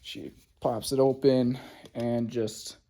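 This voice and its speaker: A man's voice: medium pitch, little pitch movement, slow, creaky, dark tone. A man telling a personal story in a casual, rambling monologue, swearing often and filling gaps with "like" and "you know". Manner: rambling, profane, heavy on fillers. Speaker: vlogger.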